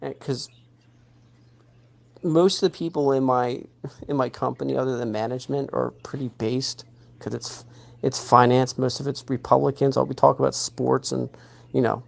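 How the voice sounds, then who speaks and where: A man in a casual podcast chat, telling a work story in a rambling, halting way with many restarts. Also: medium pitch, fairly even intonation, vocal fry.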